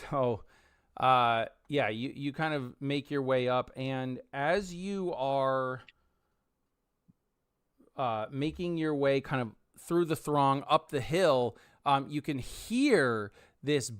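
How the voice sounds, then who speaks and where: A man's voice: medium pitch, slow, clear, resonant tone, dry recording. Dry-voiced game master man. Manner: rambling, filler-heavy. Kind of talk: narrating a tabletop game.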